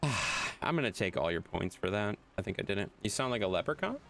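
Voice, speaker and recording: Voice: deep voice, sing-song, a little fast, a bit bright, a little hiss or hum. A game streamer chatting casually with viewers, loose and jokey, swearing freely. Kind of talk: casual live-stream chat.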